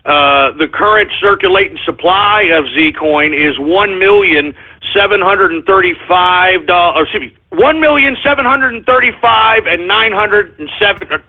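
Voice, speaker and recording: Male radio host, high husky voice, excitable and flustered, tinny phone-like audio. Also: normal speed. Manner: excitable, flustered, repeats apologies. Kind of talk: call-in radio monologue.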